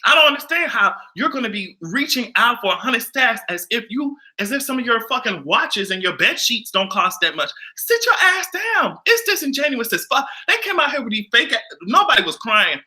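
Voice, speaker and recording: A man giving casual pop culture commentary and reacting to a live chat, profane and loud, often bursting into laughter and shrieks. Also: very high voice, big pitch swings, fairly quick, hardly any pauses.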